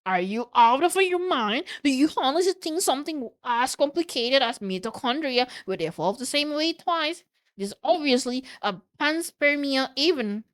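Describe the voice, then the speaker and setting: A woman's voice: fairly high pitch, big pitch swings, measured pace, a bit bright, no echo, clean studio sound. A woman voicing a combative, sarcastic male scientist while reading a novel aloud. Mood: arguing. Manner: sarcastic, argumentative.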